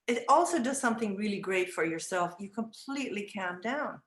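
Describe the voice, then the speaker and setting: A middle-aged woman in an interview, reflecting on teaching children in a thoughtful way, often restarting her sentences and acting out gentle phrases she would say to a child. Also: mid-range voice, animated, a little fast, few pauses. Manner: acts out gentle words to children. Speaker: early childhood education director. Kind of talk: interview answers. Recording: roomy echo.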